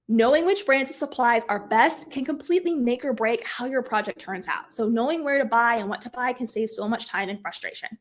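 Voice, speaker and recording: A middle-aged woman hosting a live craft tutorial, chatty and upbeat with a slightly hoarse voice. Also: on the high side, fairly bright tone. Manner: chatty, upbeat, self-deprecating. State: slightly hoarse, losing her voice. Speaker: craft workshop host.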